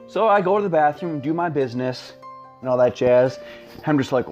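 A man's voice: mid-range voice, lively intonation, normal speed, darkish tone. A young man in his twenties tells a story in a rambling, self-mocking way, with lots of fillers. His voice sits mid-range but swings widely. The audio is slightly dull, with faint music underneath. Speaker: storyteller, channel host. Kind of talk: casual storytime monologue.

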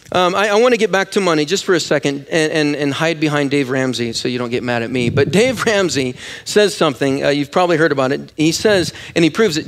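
A man preaching a sermon as pastor, animated and jokey, asking the congregation questions and acting out voices in quotes. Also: a little high, gravelly. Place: church sanctuary.

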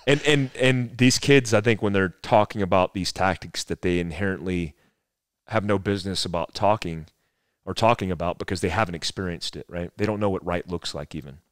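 A man's voice: low-pitched, a little fast, no room sound, studio quality. A man in his forties, a former soldier, telling a rambling, profane story as a podcast guest. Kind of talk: casual storytelling conversation.

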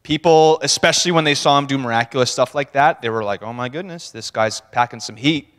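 A man preaches in a loose, chatty way, laughing now and then and slipping into little voices for the people in his story. His voice sits at an ordinary middle pitch. A long church-hall reverb trails behind every word. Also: fairly bright tone, clean tone. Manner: conversational, laughing, acts out quotes. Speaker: church speaker. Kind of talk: casual sermon talk. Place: church sanctuary.

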